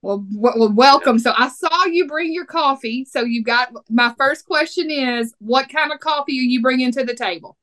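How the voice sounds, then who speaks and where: A chatty woman with a Texas accent hosts a podcast, teasing her guest in a playful way. Her voice sits high. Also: normal speed, few pauses, a bit bright. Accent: Texan. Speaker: podcast host. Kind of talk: casual podcast chat.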